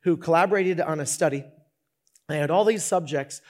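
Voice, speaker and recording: A man preaching a sermon as pastor, talking in an animated, conversational way with many restarts. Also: on the high side, normal speed.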